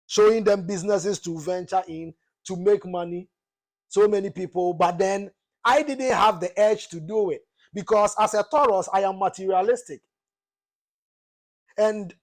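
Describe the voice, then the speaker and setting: High-voiced Ghanaian man holding forth. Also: a little mellow. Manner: passionate, preachy, mixes in Twi words. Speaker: political commentator. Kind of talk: casual opinionated monologue.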